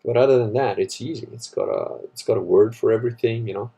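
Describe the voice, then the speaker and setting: Husky man rambling. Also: on the low side, fast talker, mellow. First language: Italian. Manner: rambling, profane, wry. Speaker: livestream host. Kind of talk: casual livestream chat reading comments.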